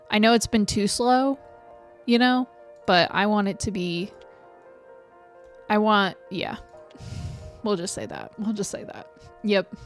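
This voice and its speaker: A young woman streams a game and chats loosely, rambling from one thought to the next. She swears freely, laughs often and speaks at a middling pitch. Soft music plays faintly behind her. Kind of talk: casual chat while playing a game. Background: faint background music.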